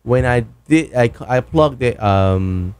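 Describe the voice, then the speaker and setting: A man's voice: mid-range voice, lively intonation, takes it slowly, darkish tone, smooth, no echo. Man in a home studio, loose and enthusiastic, talks gear, trips over his words, close on a broadcast mic. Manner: rambling, self-correcting, enthusiastic. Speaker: podcaster reviewing microphones. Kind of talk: casual gear review. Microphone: broadcast dynamic mic, close.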